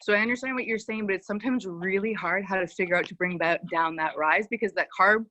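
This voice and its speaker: A woman's voice: mid-range voice, fast, sharp tone. A woman asking questions on a video call while working out, slightly out of breath and chatty. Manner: chatty, apologetic, rambling.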